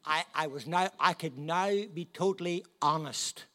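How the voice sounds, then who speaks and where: A man preaching a storytelling sermon, humorous and animated, often laughing and swinging from hushed to loud. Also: fairly high pitch, moderate pace. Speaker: guest preacher.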